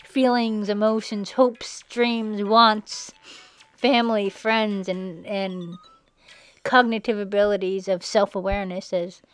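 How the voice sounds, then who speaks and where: A woman giving sarcastic, mocking commentary over a slideshow, now and then breaking into shrill put-on voices. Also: steady tone, slow, clean tone, dry recording, low-quality recording. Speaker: video narrator. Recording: faint background music.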